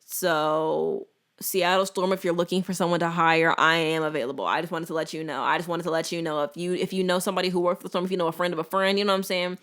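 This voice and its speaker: Young woman host, slightly low voice, casual and opinionated, playful asides. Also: fairly even intonation, fast, fairly bright tone. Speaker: podcast host. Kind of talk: casual chat.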